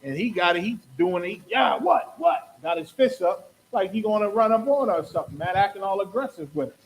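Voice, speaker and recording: A man hosts a talk show podcast, his high-pitched voice animated and quick on a low-quality recording. He offers impassioned religious commentary in a preachy, rhetorical manner, acting out quotes.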